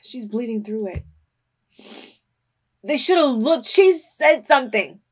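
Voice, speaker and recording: A woman hosting an anime reaction video, talking back at the screen and bursting into loud, emotional outbursts with cursing. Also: a little high, expressive, takes it slowly, slightly rough. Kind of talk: reaction commentary.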